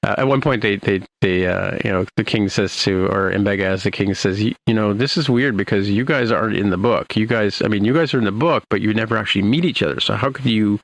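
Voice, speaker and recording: Man, podcast host, casual recap, rambling, gravel in his voice, lowish pitch. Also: no room sound, low-quality recording. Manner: rambling, halting with many restarts.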